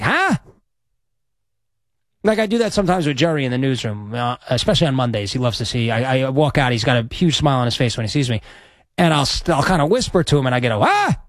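A man's voice: medium pitch, no room sound. A man hosting a sports radio show, talking in a rambling, chatty, self-deprecating way into a studio microphone. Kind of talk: casual radio chat.

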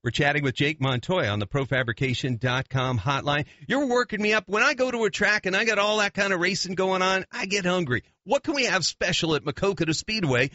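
A man's voice: high voice, fairly quick, hardly any pauses, sharp tone, no room sound, lo-fi sound. A man hosting a racing radio show, upbeat and promotional, repeating event details.

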